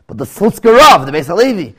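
A man telling a teaching story, often halting, repeating words and restarting. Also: sits high, sing-song, slightly rough. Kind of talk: storytelling lesson.

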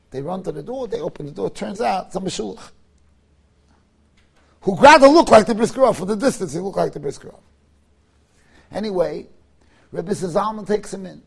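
A man, a rabbi, giving a sermon and telling a story in an animated way, moving between hushed passages and loud ones. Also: high-pitched, fairly quick, creaky, long pauses, breathy edge.

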